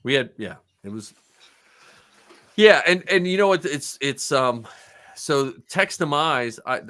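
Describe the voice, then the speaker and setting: A man's voice: medium pitch, expressive, slow pace, sharp tone. A man co-hosting a fan podcast, chatting casually with many restarts. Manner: rambling, restarts often, laughs easily. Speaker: podcast co-host. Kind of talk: casual chat.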